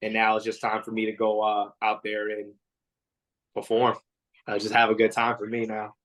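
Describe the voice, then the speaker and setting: A man's voice: on the low side, normal speed. A man, a fighter, answering interview questions in casual talk, acting out quotes with lots of fillers. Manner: animated storytelling, acts out quotes; frequent fillers and restarts. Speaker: MMA fighter, interview guest.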